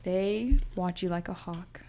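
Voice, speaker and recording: A woman's voice: fairly low pitch, a little slow, warm tone. A young woman giving a casual, chatty tarot reading, talking through her intuitions in an emotional, thinking-aloud way. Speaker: tarot reader.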